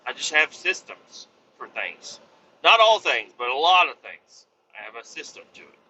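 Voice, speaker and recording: Guy in his 30s rambling on his podcast, cussing a lot, super bright voice, kinda dull lo-fi sound. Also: a little high, very animated, normal speed, a little hiss or hum. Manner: rambling, profane, with many restarts and fillers. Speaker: podcast host. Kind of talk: casual storytelling monologue.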